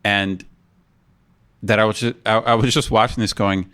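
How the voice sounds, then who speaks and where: Low-voiced man musing on a podcast. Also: steady tone, moderate pace, a bit bright. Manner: thoughtful, hesitant, restarts and laughs. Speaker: podcast co-host. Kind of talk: casual podcast chat.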